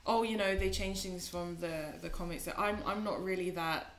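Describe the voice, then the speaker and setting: A woman's voice: lowish voice, steady tone, moderate pace. A woman co-hosting a casual film review show, speaking in a hesitant, conversational way with many restarts. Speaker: podcast co-host. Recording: roomy echo.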